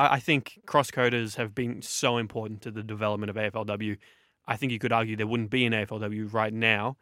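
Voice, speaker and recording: A man's voice: on the low side, a bit bright, dry recording, clean studio sound. A young Australian man hosting a sports podcast, giving eager, opinionated analysis in long runs of speech. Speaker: sports journalist and podcast host.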